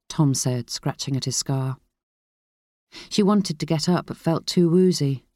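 Steady, mellow audiobook narrator. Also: mid-range voice, a little slow, dry recording, studio quality. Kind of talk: scripted narration.

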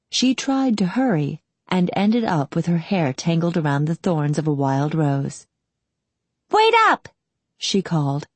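Woman reading a story, low mellow husky voice, dry close sound. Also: dry recording. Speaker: audiobook narrator. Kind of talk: scripted narration.

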